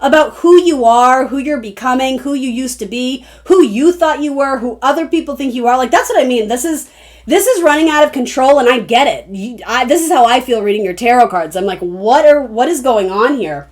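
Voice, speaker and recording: A woman's voice: high voice, animated, brisk. A young adult woman giving a casual, rambling tarot reading, often breaking off and restarting her sentences. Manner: rambling, chatty, self-interrupting. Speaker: tarot reader.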